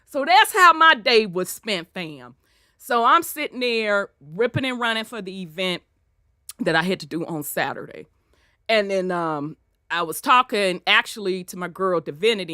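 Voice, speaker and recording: Animated Southern woman with a bright voice. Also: medium pitch, normal speed, no room sound, clean studio sound. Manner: loud, animated storytelling with profanity. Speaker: host. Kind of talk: casual chat.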